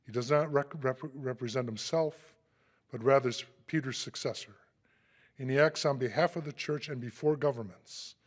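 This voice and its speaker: A man with a mid-range voice reads out a formal introduction of a guest speaker. His delivery is measured and steady, and it carries a dry humorous touch. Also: mid-range voice.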